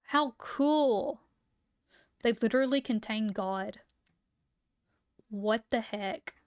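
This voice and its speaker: A woman's voice: on the high side, slow pace, clean tone, no room sound, clean studio sound. A young woman streamer reading aloud and chatting casually, her voice a bit worn as she is losing it. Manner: chatty, reads aloud then reacts.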